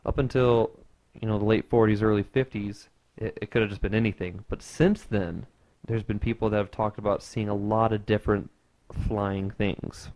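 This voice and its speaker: A man's voice: lowish voice, steady tone, moderate pace, a little mellow, dry recording. A young man co-hosting a casual podcast, rambling loosely with lots of fillers and easy laughs. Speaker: podcast co-host.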